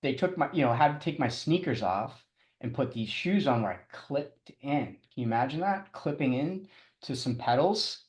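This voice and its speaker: A middle-aged man telling his story as a podcast guest, halting and restarting often, with chuckles. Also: medium pitch, expressive, darkish tone, roomy sound. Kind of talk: casual storytelling interview.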